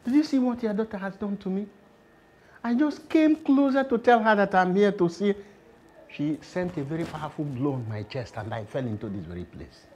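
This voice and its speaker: A man's voice: sits high, animated, moderate pace, warm tone. An older man playing a smug, persistent suitor in a film drama. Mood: indignant. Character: pushy older male suitor, smug and indignant. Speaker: older family friend suitor.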